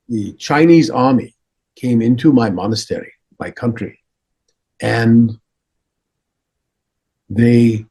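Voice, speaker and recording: Serene old monk guy, a man putting him on, broken english, slow and calm, kinda husky. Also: lowish voice, full character voice. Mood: solemn. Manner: calm, measured teaching tone. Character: serene elderly male monk, gentle and wise.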